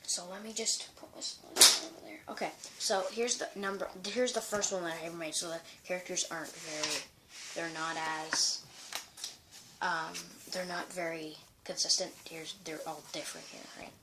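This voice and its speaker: A man's voice: fairly high pitch, fairly even intonation, normal speed, background noise. A man casually showing and reading his own comic strips, rambling with many restarts. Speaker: amateur comic strip creator.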